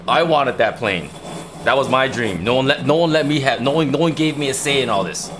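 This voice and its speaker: A man's voice: medium pitch, expressive, fairly quick, noisy background. A young man casually telling a rambling story to his livestream viewers, repeating himself as he goes. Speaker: livestream host.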